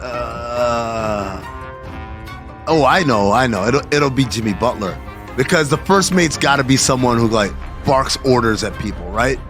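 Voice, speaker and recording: A man co-hosting a casual sports chat, animated and sarcastic, ranting as he goes. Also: mid-range voice, unhurried, over music. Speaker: co-host.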